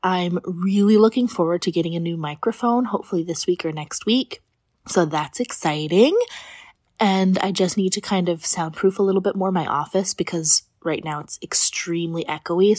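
A woman's voice: mid-range voice, a little mellow, no room sound, studio quality. A woman in her thirties hosting a podcast with a cold, her voice groggy and her nose congested, talking candidly with fillers and restarts from a home office. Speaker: podcast host. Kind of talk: casual podcast monologue.

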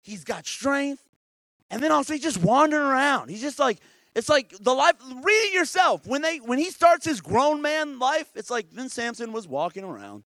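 A male pastor preaching a lively, conversational sermon who often checks in with the congregation. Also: very high voice, moderate pace, dry recording.

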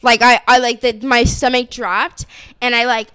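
A woman's voice: fairly high pitch, little pitch movement, normal speed, a bit bright, smooth, dry recording. A woman casually telling a profane story on a podcast, acting out the people in it.

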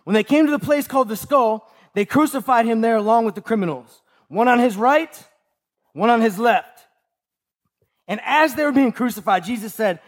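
A man's voice: very high voice, expressive, normal speed. A man preaching a sermon in an emphatic way, repeating key lines and tossing in rhetorical asides to the congregation. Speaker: pastor.

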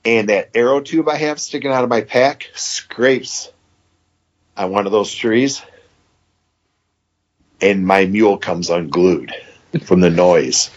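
A man's voice: on the low side, slow, pauses often. A man, a podcast guest, telling a long story in a folksy way, acting out the dialogue and laughing as he goes. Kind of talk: casual storytelling. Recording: dull lo-fi podcast audio.

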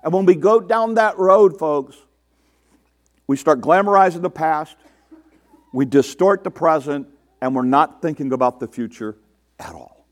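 A man's voice: on the high side, lively intonation, unhurried, pauses often. A man preaching a sermon to his congregation in a conversational way, asking rhetorical questions and mimicking the people he quotes. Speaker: pastor.

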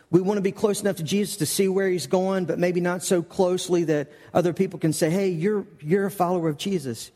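A man's voice: on the high side, darkish tone, long reverb tail. A male pastor preaching a sermon, telling the story conversationally and acting out the quoted lines.

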